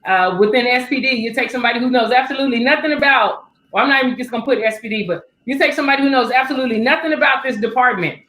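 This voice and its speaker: A woman's voice: high-pitched, rapid-fire, few pauses, fairly bright tone, echoey room, poor audio. A woman hosting a casual panel discussion, telling stories and acting out the voices she quotes. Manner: storytelling that acts out quoted voices. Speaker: panel host.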